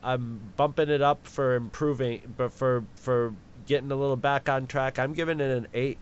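A man's voice: mid-range voice, fairly even intonation, moderate pace, smooth. A man co-hosting a podcast, chatting casually in a dry, rambling way that can sound sarcastic. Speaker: podcast co-host. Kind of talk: casual chat. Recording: slightly dull lo-fi sound.

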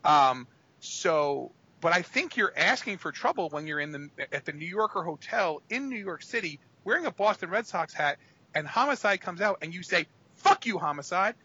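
A man's voice: high-pitched, animated, moderate pace, pushed and bright, husky, highs cut off. A man co-hosting a casual wrestling podcast, telling rambling, profane stories and acting out the quotes. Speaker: podcast co-host.

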